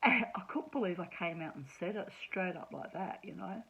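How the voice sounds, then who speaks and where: A woman's voice: lowish voice, normal speed, creaky, bright, forceful tone, slightly rough. Woman rambling through a story, laughs a lot, a bit sarcastic, kinda muffled lo-fi audio. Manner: chatty, laughs often, sarcastic asides. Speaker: vlogger. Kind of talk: casual storytelling monologue.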